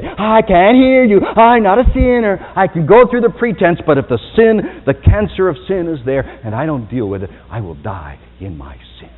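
A male pastor delivers a dynamic sermon, dropping to quiet, low asides and then climbing to loud, high-pitched exhortations. His voice has a very lively pitch. It comes through a tinny, phone-like recording with a long reverb from the hall. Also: a little hiss or hum.

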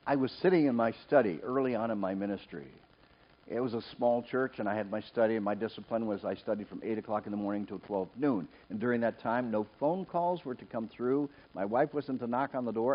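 A middle-aged male pastor preaching a sermon, telling a personal story and acting out the voices in it. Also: medium pitch. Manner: animated storytelling, acts out quoted voices. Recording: dull lo-fi recording.

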